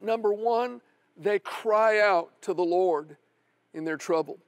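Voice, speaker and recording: A middle-aged male pastor preaching a sermon earnestly, with slow, emphatic repetition. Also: sits high, no echo. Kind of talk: televised sermon.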